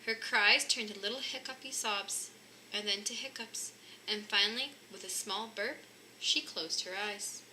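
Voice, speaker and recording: A woman's voice: mid-range voice, unhurried, slight background noise. A woman reading a children's picture book aloud, lifting her voice for the characters' lines. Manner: lively, lifting voices for the bear cubs' lines. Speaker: storybook reader.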